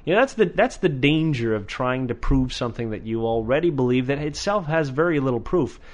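A man hosting a podcast in casual chat, animated and sarcastic, swearing freely. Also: mid-range voice, a little fast. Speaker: podcast host.

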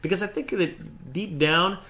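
A man's voice: high voice, unhurried, pushed and bright. A man co-hosting a podcast in casual chat, rambling and profane, restarting sentences often. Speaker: podcast co-host.

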